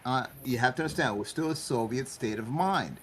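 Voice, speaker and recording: A man's voice: mid-range voice, animated, a little fast, a little hiss or hum. A man in a casual conversation, cutting in to add and correct details.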